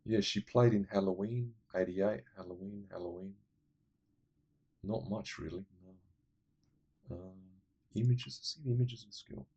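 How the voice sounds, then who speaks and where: Brief: a low, husky-voiced man chatting casually about his favourite films. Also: measured pace, long pauses, mellow. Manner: rambling, enthusiastic, many fillers. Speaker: movie reviewer. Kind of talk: casual movie recommendations.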